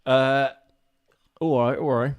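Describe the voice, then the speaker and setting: A man's voice: medium pitch, fairly even intonation, slow pace, clean tone. A man with a West Country twang chatting on a live show, laughing often and mocking himself. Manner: laughs a lot, self-mocking, restarts. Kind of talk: casual chat, trying movie-quote accents.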